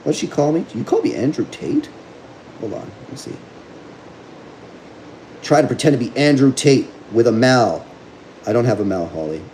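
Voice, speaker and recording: A man's voice: medium pitch, animated, normal speed, pauses often, darkish tone, slight background noise, poor audio. A man hosting a livestream as a dog trainer, talking bluntly and combatively while reading viewer comments.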